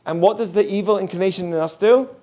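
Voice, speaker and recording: Rabbi giving a class: man, high voice, animated, quizzes the room. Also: fast talker. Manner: animated, asks the audience questions, mixes in Hebrew terms. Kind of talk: lively Torah class.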